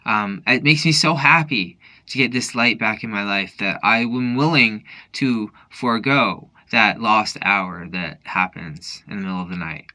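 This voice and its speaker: Man, put-on Irish accent slipping into Newfoundland, drunk, rambling late-night talk, very bright sharp tone. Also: on the low side. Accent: put-on Irish, drifting to Newfoundland. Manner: rambling, halting, with many restarts. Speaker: vlogger.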